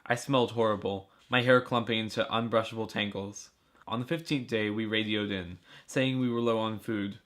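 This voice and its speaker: A man reading a novel chapter aloud for a school project, steady and earnest. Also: on the low side, normal speed. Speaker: student reader. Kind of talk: amateur audiobook reading.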